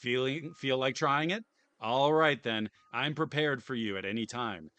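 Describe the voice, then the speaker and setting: A man's voice: mid-range voice, unhurried, sharp tone, clean tone, no echo, voice pushed up. A man putting on a boastful, theatrical voice to read out a gloating rich male horror park owner from a game. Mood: grandiose. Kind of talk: dramatic reading of game text.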